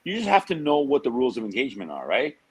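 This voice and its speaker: A man's voice: medium pitch, huge pitch swings, husky, low-quality recording. A man, a guest telling stories in a casual interview, streetwise and full of slang. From United States. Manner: streetwise slang, drawn-out tangents.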